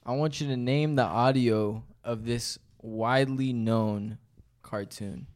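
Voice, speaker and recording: A man's voice: mid-range voice, steady tone, slow, a little mellow. A young man hosting a rowdy drinking trivia game among friends, announcing questions, swearing and laughing.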